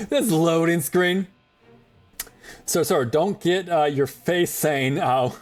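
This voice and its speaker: A man's voice: on the high side, slow pace, faint music behind. A man streaming a video game, talking in casual commentary; he jokes, swears and rambles, laughing often. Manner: joking, profane, rambling with frequent laughs.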